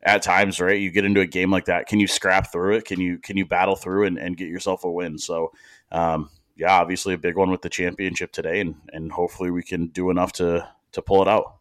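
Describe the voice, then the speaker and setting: A man with a very low voice co-hosting a podcast, relaxed and thinking out loud. He teases his partner easily. The recording is close and dry. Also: brisk, dry recording. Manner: relaxed, teasing, thinks aloud with fillers. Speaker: podcast co-host and coach. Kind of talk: casual chat.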